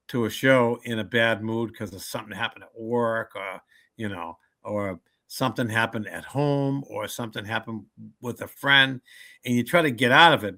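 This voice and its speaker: A man who works as a comedian and motivational speaker, talking in a casual podcast interview. He tells animated stories, acts out the people he quotes, and often restarts his sentences while thinking. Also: medium pitch. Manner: frequent restarts and stammers when thinking.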